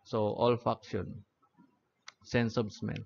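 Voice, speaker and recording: A man lectures on anatomy at a slow, unhurried pace, often stopping to ask "okay?" and "no?". His voice sits a little low. The recording sounds dull and lo-fi. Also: flat delivery, vocal fry. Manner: repeats "okay?" and "no?" checking on listeners. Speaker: teacher. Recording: dull lo-fi audio.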